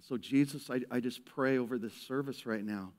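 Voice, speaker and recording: A male pastor preaching a lively sermon to his church, acting out people in a raised voice and dropping to a hushed tone in prayer. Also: mid-range voice, moderate pace. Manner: animated, acts out characters in raised voice, drops to hushed prayer. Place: church service.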